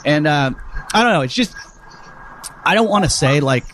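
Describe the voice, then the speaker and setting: A man hosting a podcast in casual chat, halting and restarting his sentences often. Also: on the high side, animated. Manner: halting, many restarts and repeated words. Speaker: podcast host. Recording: audible background noise.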